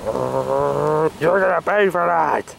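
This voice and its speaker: A man acting out a homemade hand-puppet skit, squabbling and whining with bursts of shouting. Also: a little high, takes it slowly, gravelly, slight background noise.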